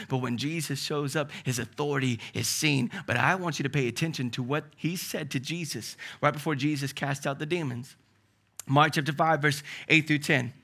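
A male pastor preaching a sermon, emphatic and animated, asking rhetorical questions. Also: fairly high pitch, normal speed.

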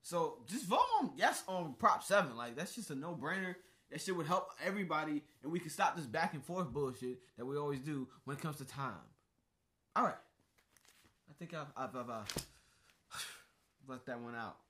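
A man's voice: a little high, animated, normal speed, pushed and bright. A man co-hosting a casual chat about ballot measures, talking bluntly and emphatically with plenty of swearing.

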